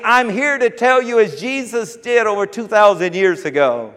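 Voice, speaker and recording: A man preaching a sermon, repeating his phrases and building up to fervent shouts. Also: high-pitched, lively intonation, normal speed, hardly any pauses, long reverb tail.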